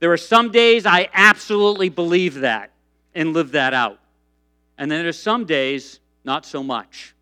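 Middle-aged male pastor, high bright voice, lively storytelling sermon. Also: unhurried. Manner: lively storytelling, frequent restarts and fillers.

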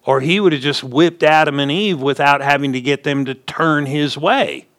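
A man's voice: a little high, normal speed, a bit bright. Folksy man preaching a sermon. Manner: folksy storytelling preacher, rising emphatic punches. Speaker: pastor.

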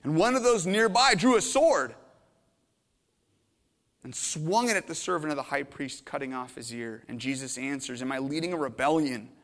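Male pastor, slightly high voice, dramatic sermon retelling with loud-to-hushed swings, echoing church hall. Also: normal speed. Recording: long hall reverb.

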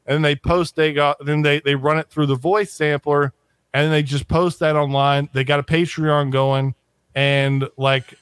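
A man in casual podcast talk, his voice a bit higher than most and recorded dry and close. He rambles, restarts often and drops sneering asides. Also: level tone, normal speed, a bit bright, smooth, no room sound.

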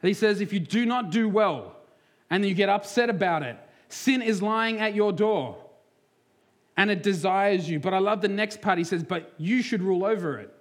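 A man preaching a sermon with a slightly high voice. He moves between plain teaching and acted-out quotes, some spoken almost in a whisper. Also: moderate pace. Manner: acts out quoted voices, dropping into near whispers. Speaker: pastor.

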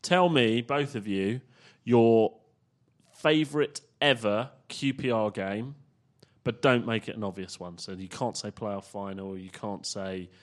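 A man's voice: on the low side, a little slow. A man hosting a casual football fan podcast, chatty and full of ums as he runs through plugs and questions. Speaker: podcast host.

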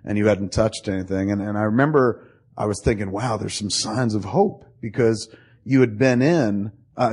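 This middle-aged man, low-voiced and a little mellow, rambles loosely through a story in casual conversation. He curses freely and slips into other people's voices whenever he quotes them.

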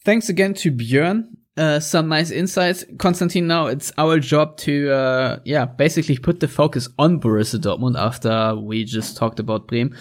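A man with a German accent hosting a casual football podcast, chatty and relaxed. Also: on the high side, normal speed, few pauses. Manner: relaxed, chatty, laughs easily. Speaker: podcast host.

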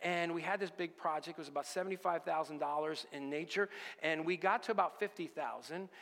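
A man's voice: a little high, brisk, gravelly, fairly bright tone, in a large hall. Man preaching a conversational sermon story. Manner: conversational, retells events with quoted dialogue. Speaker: pastor.

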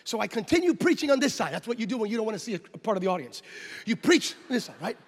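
A man from the United States, a pastor, telling a story in a sermon and acting out the scenes with loud exclamations and voices. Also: high voice, big pitch swings, very fast. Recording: long hall reverb.

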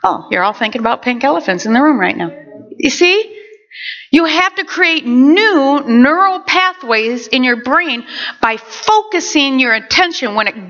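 A woman pastor preaching a sermon in an animated way, with quick asides to her congregation. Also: fairly high pitch. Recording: dull lo-fi recording.

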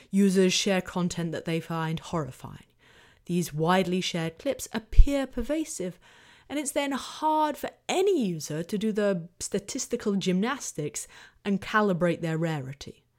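A woman hosting a podcast, reading a prepared essay in a measured, analytical way, often dropping to a near-whisper at the ends of phrases. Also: mid-range voice, a little mellow. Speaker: podcast host.

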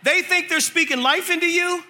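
Animated preacher guy, high and bright voice, jokey sermon full of acted quotes. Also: moderate pace. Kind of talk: lively comic sermon. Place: church in front of a congregation.

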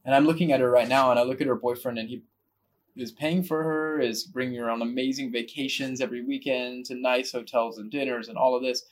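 Male co-host, casual relaxed chat, mid-range voice. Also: medium pitch, brisk, slight background noise. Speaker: podcast co-host.

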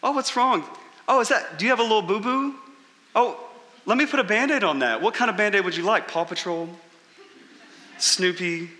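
A man's voice: high voice, expressive, normal speed, long pauses, sharp tone, long reverb tail, voice pushed up. A man putting on the voice of a male surgeon who coos at a patient in sing-song baby talk. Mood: syrupy. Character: male surgeon cooing sweetly at a minor patient.

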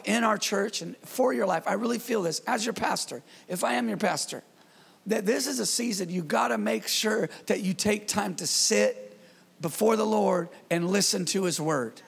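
A man preaching as pastor in his church, in a lively, conversational style with call-and-response to the congregation. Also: high voice, vocal fry, breathy edge, big-room sound. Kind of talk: sermon.

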